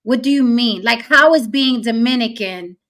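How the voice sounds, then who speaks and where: A woman hosting a casual panel discussion, talking in an animated, emphatic way and acting out voices she quotes. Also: on the high side, moderate pace. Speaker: panel host.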